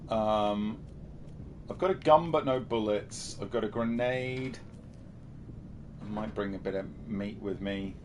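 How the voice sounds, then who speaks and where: A man's voice: fairly low pitch, unhurried, pauses often, background noise. A man from the United Kingdom chatting casually while streaming a horror game and reading viewer messages. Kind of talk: casual livestream commentary.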